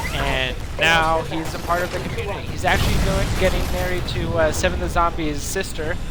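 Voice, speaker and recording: A man livestreaming a video game, chatting casually, rambling and answering his chat as he plays. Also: fairly high pitch. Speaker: gaming livestreamer. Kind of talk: casual chat over gameplay.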